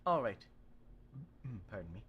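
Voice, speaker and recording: A man's voice: on the low side, sing-song, moderate pace, husky, narrow, tinny audio. A man hosting a casual livestream, explaining games in a chatty way, often correcting himself mid-sentence and adding asides. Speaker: streamer host.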